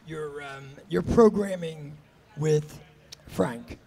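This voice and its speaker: A man co-hosting a live podcast, trading dry, deadpan remarks in casual banter. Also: fairly high pitch, extremely slow, creaky. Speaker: co-host.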